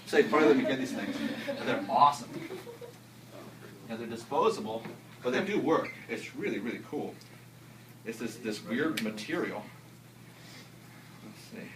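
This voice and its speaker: A middle-aged male teacher talks through a classroom demonstration in an animated, joking way, often restarting his sentences. He is picked up from a distance in a roomy classroom. Some noise sits under the voice. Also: medium pitch, normal speed, pauses often.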